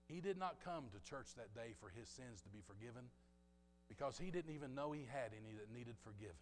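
A man preaching a sermon, telling a story with passion and swinging between loud bursts and hushed asides. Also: mid-range voice, lively intonation, moderate pace, slight background noise. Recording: long reverb of a large hall.

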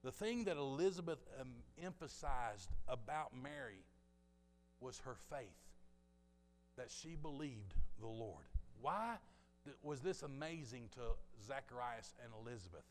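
A man preaching a sermon, telling a story with passion and swinging between loud bursts and hushed asides. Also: medium pitch, lively intonation, measured pace, slight background noise. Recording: long reverb of a large hall.

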